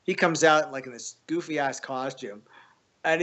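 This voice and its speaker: A man as a podcast guest, telling stories in a casual, animated way, swearing freely and often restarting his sentences. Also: fairly high pitch, brisk. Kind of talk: casual storytelling.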